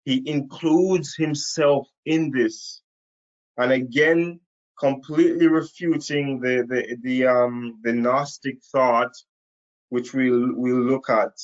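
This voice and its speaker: A man delivers a Bible lesson straight to camera from a room, taking his time over every phrase. He leans on repetition to drive each point home, at an unhurried pace and an ordinary middle pitch. The sound is a little dull and lo-fi. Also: fairly even intonation. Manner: slow, emphatic, repeats key phrases. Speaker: preacher. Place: indoor room.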